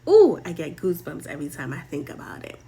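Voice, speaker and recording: A woman's voice: low voice, wildly swooping pitch, fast, warm tone. A young woman hosting a show, casually retelling a Bible story in playful, slangy language with lessons at the end. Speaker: host.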